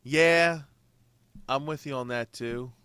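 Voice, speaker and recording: A man's voice: mid-range voice, takes it slowly, a bit bright, clean tone, no echo. A man co-hosting a podcast in casual banter, easygoing and agreeable with lots of fillers. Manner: laid-back, agreeable, hesitant fillers. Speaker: podcast co-host.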